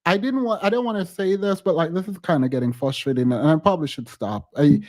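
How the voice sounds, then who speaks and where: Skeptical, slightly high-voiced male host. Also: fast, darkish tone. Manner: skeptical, exasperated, thinking aloud. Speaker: host reacting to a clip. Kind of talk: reaction commentary.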